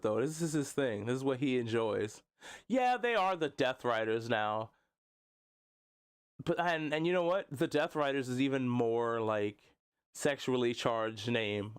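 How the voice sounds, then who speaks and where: A man's voice: mid-range voice, clean tone. A man hosting a live stream, talking casually about wrestling with plenty of jokes and laughter. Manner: jokey, laughing often, drops into silly voices. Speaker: wrestling podcast host.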